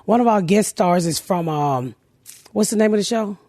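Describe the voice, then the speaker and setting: A woman's voice: medium pitch, normal speed, no echo. A woman host telling stories in casual chat, loose and profane. Her voice sits in a middle register, and the room is dry and close. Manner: storytelling, profane and animated. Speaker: podcast host.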